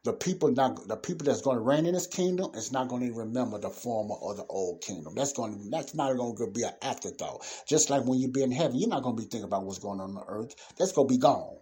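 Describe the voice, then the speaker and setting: A man teaches the Bible in a loose, conversational sermon. His voice is husky and mid-pitched. He reads verses aloud, then explains them with emphatic bursts. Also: expressive, quick pace, hardly any pauses, dark tone. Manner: emphatic bursts and sudden exclamations. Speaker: preacher.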